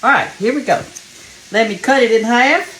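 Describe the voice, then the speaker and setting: A woman's voice: on the high side, normal speed, noisy background. Southern woman, cooking show host, folksy and chatty, slightly winded, faint sizzle in the kitchen behind her. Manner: folksy and chatty, talks straight to viewers as "y'all". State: a little out of breath. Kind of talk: casual cooking demonstration. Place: home kitchen. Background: faint frying sizzle.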